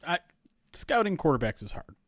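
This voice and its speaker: A man co-hosting a sports podcast, talking in a measured, thoughtful way. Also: fairly high pitch, sing-song, fairly bright tone, no room sound. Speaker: podcast co-host. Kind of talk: casual sports podcast chat.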